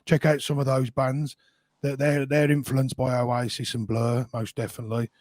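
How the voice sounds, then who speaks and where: A man's voice: mid-range voice, flat delivery, moderate pace, darkish tone, dry recording. A man with a Midlands accent co-hosting a podcast, rambling and self-deprecating in casual chat, stumbling and repeating words. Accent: West Midlands English. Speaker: podcast co-host.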